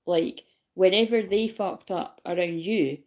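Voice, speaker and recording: A woman talks through a spiritual reading in a loose, rambling way, with a voice sitting a little low. She drops swear words freely and laughs often. She keeps checking in with her listeners to ask if they know what she means. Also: measured pace, a little mellow. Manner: laughs often while talking. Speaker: spiritual reader. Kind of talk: casual spiritual reading to viewers.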